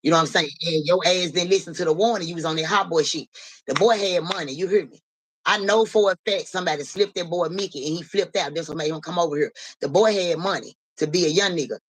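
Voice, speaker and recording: Animated, slangy woman telling a street story. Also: fast, husky. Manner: animated, slangy, profane, keeps asking "you know what I'm saying"; acts out voices in the story, rising high and loud. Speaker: live-stream host. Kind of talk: casual storytelling on a live stream.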